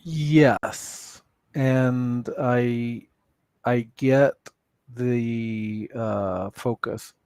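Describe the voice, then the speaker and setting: A man answering as a panelist in a hesitant, halting way. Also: medium pitch, fairly even intonation, a little mellow, clean tone, no room sound.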